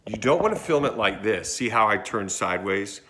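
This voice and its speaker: A man's voice: lowish voice, sing-song, a little fast, bright, forceful tone. A man giving a casual how-to tutorial on filming skits, chatting and demonstrating as he goes, recorded on a phone about a foot away. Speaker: church video instructor.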